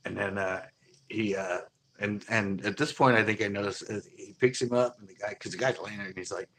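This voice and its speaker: A middle-aged man hosting a fishing channel, telling a long story in a rambling, animated way full of fillers. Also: lowish voice, brisk. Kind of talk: casual livestream storytelling.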